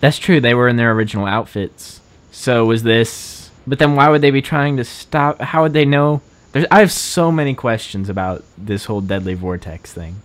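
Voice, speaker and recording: A man's voice: mid-range voice, moderate pace, few pauses. A young man co-hosting a casual podcast chat, rambling with lots of fillers and frequent laughter. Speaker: podcast co-host.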